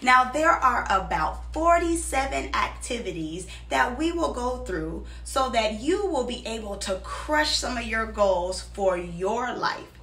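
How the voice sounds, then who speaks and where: A woman's voice: on the high side, lively intonation, measured pace, few pauses, sharp tone, roomy sound, distant mic. A woman host reading a scripted, encouraging promotional message. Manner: encouraging, motivational. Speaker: show host.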